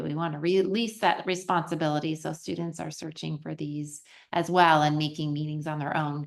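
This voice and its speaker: A woman's voice: deep voice, vocal fry. A woman co-presenting a teacher training workshop in a conversational, encouraging way.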